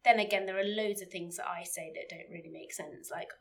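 A woman's voice: fairly low pitch, steady tone, a little fast. A young woman from the Isle of Man co-hosting a casual podcast chat, playful and teasing. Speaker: podcast co-host.

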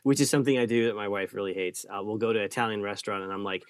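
A man's voice: lowish voice, racing, hardly any pauses, no room sound, clean studio sound. A man co-hosting a comedy podcast, riffing with jokey asides and mock outrage. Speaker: podcast co-host. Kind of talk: comedic banter.

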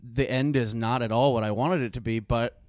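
A young man telling a personal story in casual chat, animated and profane, acting out the people he quotes. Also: medium pitch, a little fast, dry recording, studio quality. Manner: animated, swearing, acts out quoted voices.

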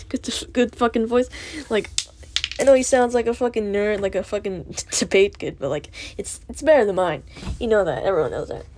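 A woman's voice: mid-range voice, normal speed, darkish tone, a little hiss or hum. A teenage girl rambling through a monologue with lots of filler words and swearing, putting herself down as she talks. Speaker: student vlogger.

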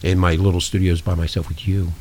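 A man's voice: deep voice, flat delivery, fast, a little mellow, slight background noise. A man hosting a talk show from a small studio, ranting in a profane, conspiratorial way. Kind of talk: casual talk show monologue.

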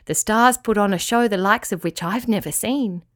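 A woman voicing a kind, friendly blackbird in a storybook, chirruping and gentle. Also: medium pitch, moderate pace, dry recording, clean studio sound, natural voice.

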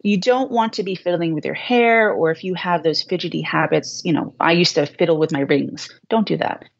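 A woman with a Boston accent, a podcast guest giving measured, encouraging advice. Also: lowish voice, creaky, muffled recording. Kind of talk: podcast interview.

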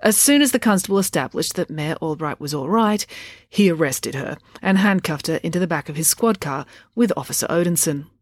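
Children's author reading a bedtime story, lowish voice, dry close sound. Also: female voice, animated, brisk, no echo. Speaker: podcast host and children's author.

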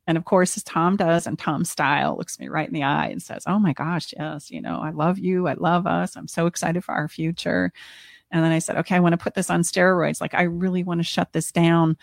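A woman's voice: lowish voice, a little fast, gravelly, no room sound, clean studio sound. A middle-aged woman co-hosting a podcast, candidly telling a personal story and acting out her own thoughts. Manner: candid, expressive, acts out her own inner voice. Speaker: podcast co-host.

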